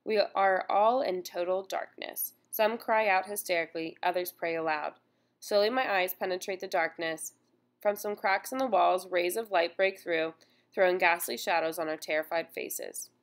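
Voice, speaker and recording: A woman reading a first-person memoir aloud in a solemn, measured way. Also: on the low side. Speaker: audiobook narrator.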